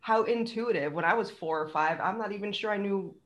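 A woman's voice: mid-range voice, fairly quick, highs cut off. A woman from Western Massachusetts chatting as a guest, telling stories and acting out quotes. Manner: animated storyteller, acts out quotes. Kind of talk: casual interview chat.

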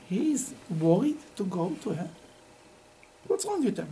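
Animated rabbi teaching with laughter. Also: male voice, sits high, unhurried, gravelly, pauses often, a little hiss or hum, rough recording. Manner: animated, laughing, Yiddish-sprinkled storytelling. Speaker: rabbi teaching a Talmud class. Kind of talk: informal Talmud class with students.

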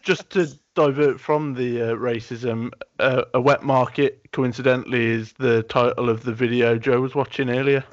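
A man's voice: medium pitch, fairly even intonation, normal speed, hardly any pauses, dry recording, muffled recording. A man co-hosting a podcast, teasing the others in wry casual banter. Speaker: podcast co-host.

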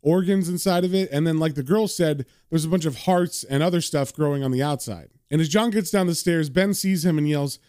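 Brief: casual male comic narrator, chatty, fairly high voice, dry sound. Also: a little fast, few pauses, a little mellow, clear, resonant tone, no echo. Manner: chatty, with fillers. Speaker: comic book reader.

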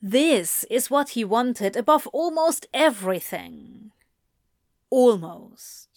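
A woman narrates a story slowly and evenly, her voice pitched a little high. The recording is dry and close, with no room around it. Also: sing-song, dry recording. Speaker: audiobook reader. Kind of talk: scripted narration of fan fiction.

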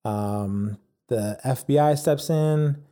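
A man with a slow, dark, mid-range voice casually recaps a documentary, rambling through the story. His chat is littered with fillers like "like" and "yada yada."

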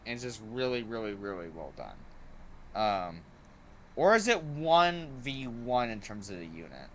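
A man hosting a podcast, chatting casually and excitedly about a movie, with lots of "like" and "um" fillers. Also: medium pitch, unhurried, slight background noise. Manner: excited and rambling, heavy use of "like" and "um". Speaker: podcast host. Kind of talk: casual movie review chat.

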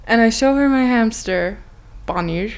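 A woman's voice: fairly high pitch, unhurried, clear, resonant tone. A woman hosting a podcast, telling a story in a chatty, giggly way, full of "like" and acted-out quotes. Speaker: podcast host. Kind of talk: casual storytelling monologue.

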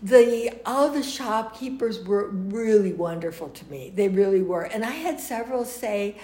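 An older woman with an American accent, telling lively stories in a casual interview and laughing often. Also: mid-range voice, moderate pace, reverberant. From United States.

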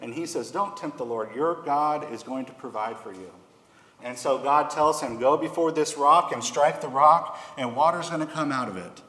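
Male preacher, mid pitch, reads scripture with raised dramatic delivery; recorded in a reverberant hall. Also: normal speed, bright, forceful tone. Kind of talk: sermon with scripture reading. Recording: echoey hall.

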